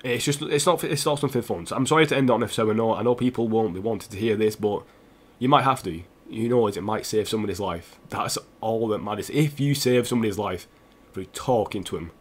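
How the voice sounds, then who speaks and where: A young man, a gaming streamer, talking earnestly and haltingly to his viewers while close to tears. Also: fairly low pitch. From England. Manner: earnest, halting, with restarts and repeated phrases. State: tearful, close to crying. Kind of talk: emotional personal address to stream viewers.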